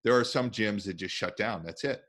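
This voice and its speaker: A man's voice: lowish voice, moderate pace, a bit bright. A man hosting a podcast interview who reacts readily and affirms his guest. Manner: responsive, exclaims, affirming. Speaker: podcast host.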